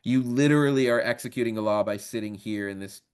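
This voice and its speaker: A man's voice: mid-range voice, fast talker, clean tone. A man in his fifties who has worked as a lawyer, giving a casual, joking training webinar lecture with many ums. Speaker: legal trainer.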